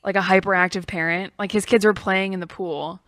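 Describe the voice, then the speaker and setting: A woman's voice: medium pitch, fairly even intonation, fairly quick, fairly bright tone, no echo, studio quality. A woman co-hosting a podcast, telling a story in casual chat, peppered with "like" and laughs. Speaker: podcast co-host.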